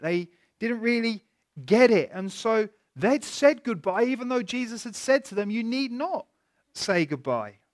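Male preacher, fairly high pitch, conversational and animated, talks straight to the congregation. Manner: animated, conversational storytelling with rhetorical questions. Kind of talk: sermon.

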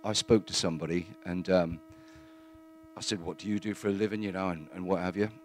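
A man giving a plain-spoken, earnest testimony in church, halting now and then with fillers. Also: deep voice, fairly even intonation, darkish tone, a little hiss or hum.

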